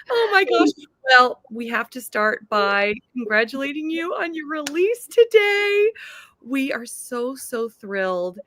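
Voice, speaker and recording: A woman's voice: high voice, sing-song, unhurried, sharp tone. A woman with an American accent hosting a live-stream author interview, gushing and exclamatory. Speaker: host.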